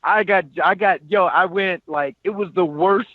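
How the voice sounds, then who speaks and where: A man in his thirties telling stories as a podcast guest, animated and slangy, often repeating his phrases. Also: sits high, normal speed, no echo. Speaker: podcast guest, former football player. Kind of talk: casual storytelling interview. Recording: tinny phone-like line, dry.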